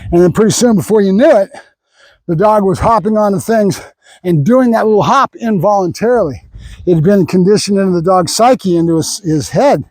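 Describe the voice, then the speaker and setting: A man's voice: sits high, brisk, darkish tone, dry recording, low-quality recording. An older man, a professional dog trainer, talking through a training session in a rambling, opinionated way and breaking off now and then to praise the dog. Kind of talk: training vlog with running commentary.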